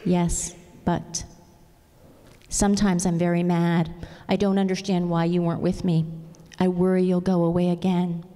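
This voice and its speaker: A woman voicing a small young rabbit who is hurt and confused, speaking in a small hushed voice that rises in distress, heard in a reverberant hall. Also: lowish voice, flat delivery, moderate pace, long pauses, close to an everyday voice. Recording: long reverb of a large hall.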